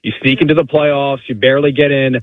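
A man's voice: mid-range voice, flat delivery, brisk, no echo. A man from Maryland calling in to a sports radio show, emphatic as he makes his case. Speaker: caller. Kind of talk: phone-in sports talk. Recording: tinny dry phone line.

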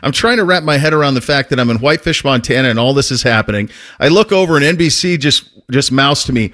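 A man hosting a talk show, telling a casual, animated story with frequent restarts and laughs. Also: a little high, quick pace. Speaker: host.

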